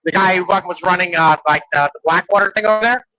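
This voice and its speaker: A man's voice: high-pitched, fast talker, rough recording. A man in casual podcast chat, rambling and profane, leaning on "like" and "right?". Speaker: podcast host.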